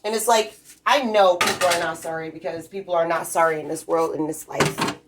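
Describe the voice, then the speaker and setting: A woman's voice: fairly low pitch, fairly even intonation, fairly quick. Woman ranting profanely over a noisy recording. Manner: heated, rambling, swears constantly. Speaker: vlogger.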